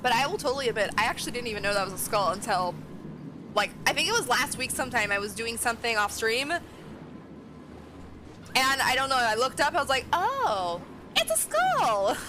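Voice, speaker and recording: A woman's voice: on the high side, quick pace, long pauses, background noise. A woman game streamer chatting casually and reading game dialogue aloud. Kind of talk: casual gameplay commentary.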